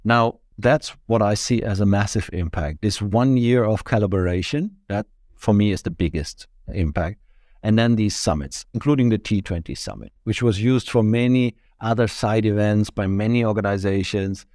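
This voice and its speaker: A man with a fairly low voice answers interview questions in a measured, explanatory way, laying out his points one by one. The sound is dry and close, with no room around it. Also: a little mellow, no room sound. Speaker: think tank executive director, interview guest.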